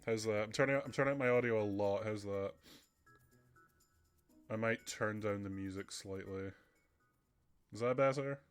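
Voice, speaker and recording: A man's voice: on the low side, moderate pace, long pauses, smooth. A young man streaming live from home, chatting casually with viewers in a rambling, chatty way, his nose running. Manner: rambling, chatty, often laughing. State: runny nose. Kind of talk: casual livestream chat. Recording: faint background music.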